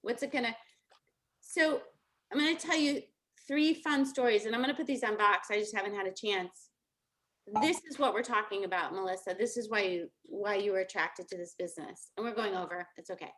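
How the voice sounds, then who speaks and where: Speaking a little fast at medium pitch with a fairly bright tone, a middle-aged woman coaches her audience in a relaxed motivational talk. Her storytelling is chatty and full of laughter.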